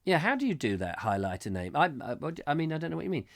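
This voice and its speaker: A man's voice: fairly high pitch, very animated, quick pace, gravelly. A man, hosting a live comic chat show and telling a meandering story full of restarts. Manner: meandering, with many restarts, acting out scenes. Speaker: host.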